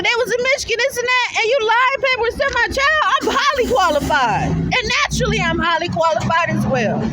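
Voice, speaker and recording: A young adult woman delivering an emphatic, accusatory rant to camera. She swings between low pleading and shouting. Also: heavy background noise. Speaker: mother appealing for her child's return. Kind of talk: impassioned direct-to-camera rant.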